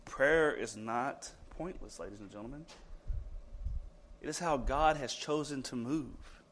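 A man at medium pitch preaches to a congregation, and a slight hiss or hum runs under the recording. Rhetorical questions fill his sermon as he moves between emphatic, loud lines and gentle, slowed ones.

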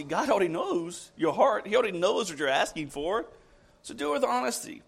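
A high-voiced man preaches a sermon in a church. He asks his congregation question after question. He rises to forceful emphasis and then drops to slow, quiet lines. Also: expressive, creaky, breathy edge.

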